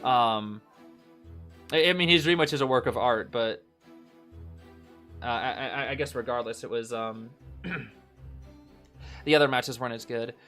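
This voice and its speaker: A man casually co-watching an esports final, reacting excitedly and often saying "bro". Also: mid-range voice, a little slow, pauses often, faint music behind. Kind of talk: casual live watch-along commentary.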